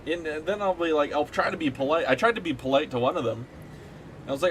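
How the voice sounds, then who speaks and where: A man's voice: on the high side, lively intonation, brisk, a bit bright, a little hiss or hum. A man streaming a game, chatting casually and ranting animatedly with plenty of swearing. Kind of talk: casual gaming stream chat.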